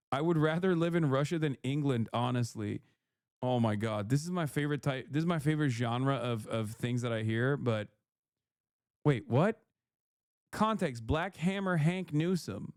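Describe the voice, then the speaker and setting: A medium-pitched, smooth male voice, recorded at studio quality with no echo. Streaming in a casual rant, he reacts heatedly to chat and reads messages aloud, swearing often.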